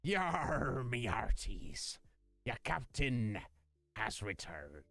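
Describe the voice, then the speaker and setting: A man voicing a boisterous male pirate captain, drawing out his words slowly. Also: medium pitch, sing-song, vocal fry, bright, forceful tone, no room sound, faint music behind, full character voice. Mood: swaggering.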